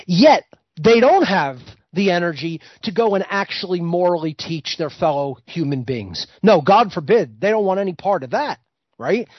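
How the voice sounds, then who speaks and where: A man's voice: high voice, lively intonation, moderate pace, no echo. A man hosting a talk show, delivering a heated, lecturing monologue. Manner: vehement, lecturing. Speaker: host. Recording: dull lo-fi recording.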